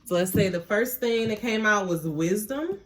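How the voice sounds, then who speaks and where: A woman's voice: medium pitch, animated, moderate pace. A woman giving a casual spiritual tarot reading on her phone, chatty and prayerful, with frequent laughing asides. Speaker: tarot reader.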